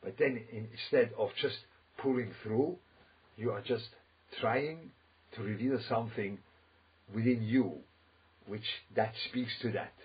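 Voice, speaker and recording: A man's voice: medium pitch, measured pace, husky, muffled recording. A man giving an informal religious talk, rambling and emphatic with many asides. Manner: rambling, emphatic, full of asides and quoted voices.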